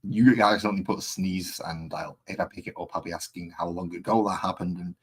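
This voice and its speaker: A man's voice: deep voice, steady tone, a little fast. A man casually chatting on a live stream while painting models, rambling and easily distracted.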